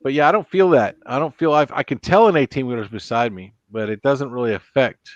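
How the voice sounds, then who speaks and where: A man's voice: medium pitch, brisk, dry recording, dull audio. A man hosting a late-night live stream, chatting casually and rambling through road stories and corny jokes. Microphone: computer mic.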